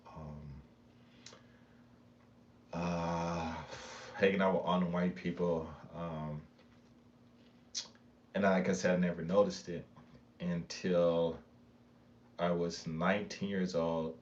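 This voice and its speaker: Deep-voiced man telling a rambling story. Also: darkish tone. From Michigan, USA. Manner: rambling, with many fillers and laughs. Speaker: vlogger. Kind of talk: casual storytelling monologue. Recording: slightly dull lo-fi sound, faint background noise.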